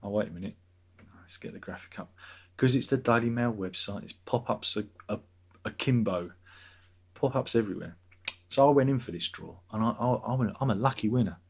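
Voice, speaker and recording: A man's voice: fairly low pitch, a little fast, gravelly, breathy edge. A man hosting a livestream, rambling sardonically while reading out chat comments. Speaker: livestream host.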